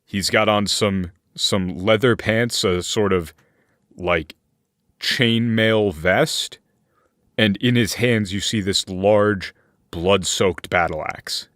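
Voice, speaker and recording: Slow, low-voiced man narrating a tabletop game. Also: a bit bright, no room sound, studio quality. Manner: slow, hesitant narration with many fillers. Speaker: game master.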